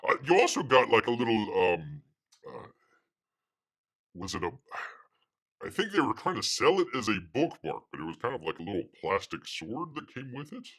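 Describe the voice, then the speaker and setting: A man's voice: fairly low pitch, sing-song, moderate pace, pauses often, fairly bright tone. A man hosting a casual livestream, rambling with many fillers and calling himself by his nickname. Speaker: livestream host.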